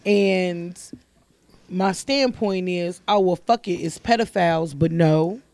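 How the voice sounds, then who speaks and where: A woman co-hosting a casual group chat, loud and emphatic, swearing heavily. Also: lowish voice, slow, dry recording.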